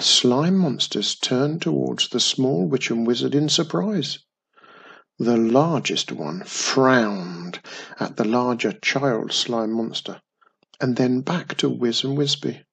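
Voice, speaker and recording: Casting note: woman reading a children's story slowly, low and husky. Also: low-quality recording. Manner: slow, expressive reading.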